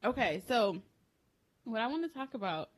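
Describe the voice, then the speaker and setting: A young woman co-hosting a podcast, telling a crude story with loud laughter and lively, animated storytelling. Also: fairly high pitch, normal speed. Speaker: podcast co-host. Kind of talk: casual chat.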